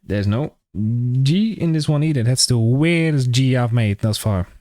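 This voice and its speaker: A man's voice: mid-range voice, animated, unhurried, a little mellow. A young man with a Dutch accent chatting casually and jokingly with viewers on a live stream, swearing freely. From Netherlands.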